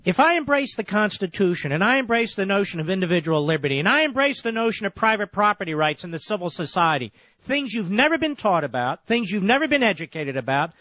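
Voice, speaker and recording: A man's voice: high-pitched, pushed and bright, no room sound. A man hosting a call-in radio show, lecturing a caller insistently and cutting him off to press his point. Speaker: radio talk show host. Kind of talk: combative call-in radio debate. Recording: dull, dry lo-fi radio audio.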